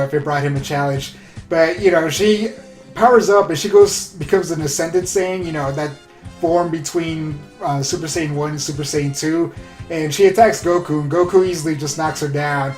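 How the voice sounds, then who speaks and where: A man casually recapping an anime episode in a rambling, excitable way, full of fillers. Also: on the high side, moderate pace. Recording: roomy echo with faint music.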